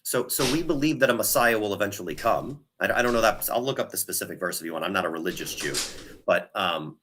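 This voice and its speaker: A man in a live online religious debate, talking fast with many restarts and hedges. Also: on the low side, lively intonation, fairly bright tone, a little hiss or hum. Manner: fast, hedging, many restarts and "right?" tags. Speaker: debate participant.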